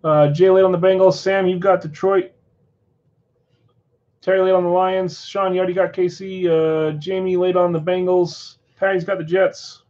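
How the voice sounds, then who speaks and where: A man's voice: high-pitched, normal speed. Man rattling off team assignments, lo-fi. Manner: rattles off names and teams in a steady list. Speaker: card shop breaker assigning teams. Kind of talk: live-stream card break chat. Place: card shop.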